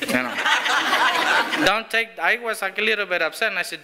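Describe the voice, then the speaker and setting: A pastor preaching in a church, his high voice sharp and very bright. He tells stories in a loose, chatty way, restarting phrases and chuckling. A faint hiss sits under the recording. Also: a little slow, creaky, long pauses. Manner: storytelling with frequent restarts and chuckles. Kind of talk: conversational sermon. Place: church sanctuary.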